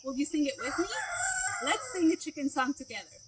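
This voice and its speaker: A woman librarian hosting a children's storytime, animated and sing-song as she talks to the kids. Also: sits high, fairly quick, very noisy.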